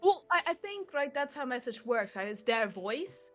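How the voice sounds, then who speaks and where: High-voiced woman player debating rules. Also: big pitch swings, normal speed, a bit bright, soft background music. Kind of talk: casual tabletop play.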